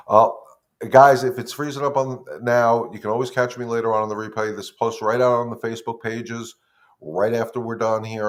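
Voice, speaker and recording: A middle-aged man with a slightly low voice hosts a live dog-training Q&A stream. He talks in a loose, chatty way, drifting off his point to greet viewers by name before picking up again.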